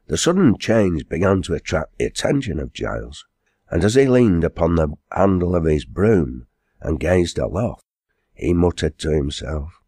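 A man narrating an audiobook in measured storytelling. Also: low-pitched, big pitch swings, dark tone, husky, dry recording, clean studio sound. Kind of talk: scripted narration.

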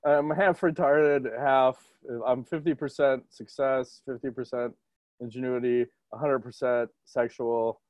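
Excitable, profane podcast host. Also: male voice, mid-range voice, a little slow, dry recording, muffled recording. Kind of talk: casual podcast chat.

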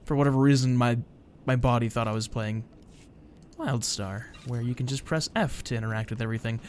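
A man's voice: mid-range voice, brisk, darkish tone, slight background noise. A man giving joking, rambling commentary while playing a video game, laughing at himself. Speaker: gaming host. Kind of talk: let's-play commentary.

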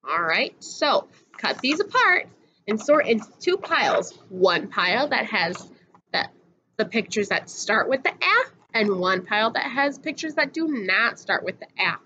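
A woman's voice: a little high, sing-song, a little slow, pushed and bright, dull audio, slight background noise. A woman teacher giving a patient, sing-song phonics lesson to young children, drawing out each sound.

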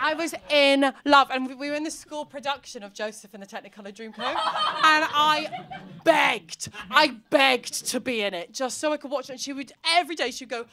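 A young woman performing stand-up on a comedy club stage, telling a rambling, self-mocking story and jumping into high character voices. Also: animated, normal speed, sharp tone.

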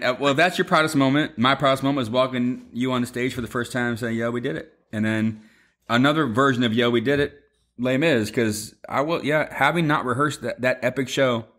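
A man telling a lively story to his mother over a video call, swearing freely and acting out quotes. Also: mid-range voice. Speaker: son, former Broadway performer.

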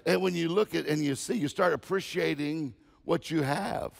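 A man's voice: fairly high pitch, fairly quick, gravelly, hardly any pauses, big-room sound. A man preaching as a guest speaker, telling folksy humorous stories and often repeating words. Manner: storytelling, folksy, repeats himself.

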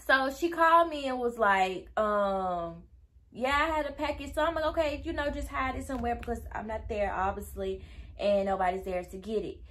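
A woman's voice: a little high, moderate pace, a bit bright. A young woman telling a casual storytime to her viewers, chatty and easily sidetracked, acting out quoted dialogue. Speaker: vlogger.

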